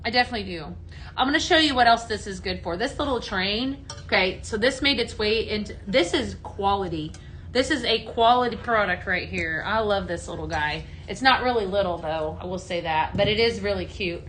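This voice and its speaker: A woman's voice: medium pitch, brisk, a bit bright, a little hiss or hum. A woman from the American Midwest hosting a live product demo, chatty and enthusiastic, greeting viewers by name. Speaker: home fragrance consultant hosting a live sale.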